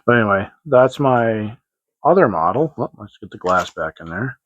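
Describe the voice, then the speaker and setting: Low-voiced man rambling through a haul vlog. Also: lively intonation, normal speed, no echo. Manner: rambling and hesitant, full of restarts and fillers. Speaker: hobby model-kit channel host. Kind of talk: casual show-and-tell vlog. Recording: dry, slightly dull lo-fi sound.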